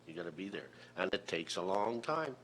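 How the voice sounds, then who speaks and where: Deep-voiced man at council. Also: big pitch swings, normal speed, fairly bright tone. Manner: plainspoken, repetitive, earnest. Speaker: county councillor. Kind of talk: council meeting debate. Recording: faint hum under the voice.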